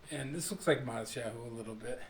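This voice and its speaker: A man, a street artist guest on a radio talk show, chatting casually and rambling with many fillers, getting animated when telling stories. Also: medium pitch, quick pace. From United States. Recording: roomy, distant mic, faint hum.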